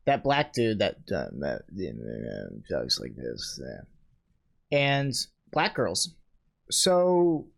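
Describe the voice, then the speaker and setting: A man of ordinary pitch comments casually on clips in a reaction video. He delivers dry, sarcastic remarks, then pauses and restarts his sentences when he stalls.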